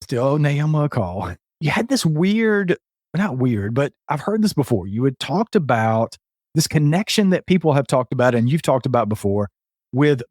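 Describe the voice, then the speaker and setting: A man's voice: mid-range voice, darkish tone, dry recording, clean studio sound. A man hosting a live podcast, upbeat and chatty, greeting viewers in the chat as he talks. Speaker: podcast host.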